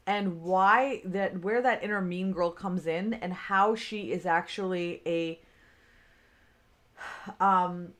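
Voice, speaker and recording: A woman's voice: lowish voice, fairly bright tone. A woman in her forties, a business coach, talking off the cuff on a livestream, chatty, with lots of fillers, greeting viewers by name. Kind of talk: unscripted livestream talk.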